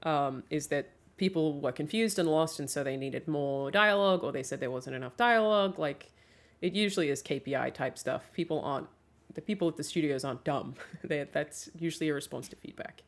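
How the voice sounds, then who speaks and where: A woman's voice: deep voice, brisk. A woman streamer chatting casually, laughing often and rambling through asides.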